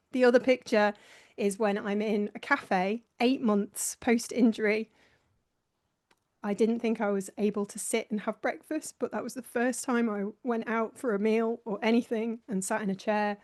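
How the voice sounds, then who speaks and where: A woman's voice: fairly high pitch, fairly even intonation, normal speed, darkish tone. A woman hosting a live online session, talking casually through her slides in a chatty, self-mocking way and laughing often. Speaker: host presenting a slideshow.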